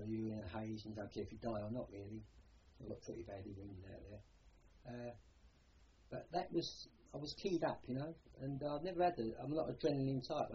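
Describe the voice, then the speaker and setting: Old cockney bloke telling war stories, warm soft voice, lots of you-knows, kinda muffled. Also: male voice, mid-range voice, slight background noise. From London. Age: older. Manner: rambling, plain-spoken, peppered with "you know". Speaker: war veteran interviewee. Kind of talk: oral history recollection.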